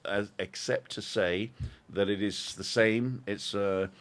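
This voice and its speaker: A man's voice: lowish voice, steady tone, slow pace. A man co-hosting a casual live stream, chatting and greeting viewers by name. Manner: reads out viewer names cheerfully. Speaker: co-host.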